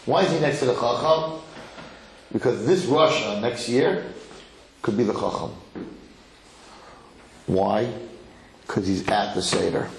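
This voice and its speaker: A middle-aged man, a rabbi, giving an animated lesson to a live audience, repeating phrases and putting questions to the room. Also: mid-range voice, unhurried, gravelly, pauses often, slight background noise. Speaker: rabbi teaching a class. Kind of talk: Torah lecture to a live audience. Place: lecture hall with audience. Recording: echoey hall.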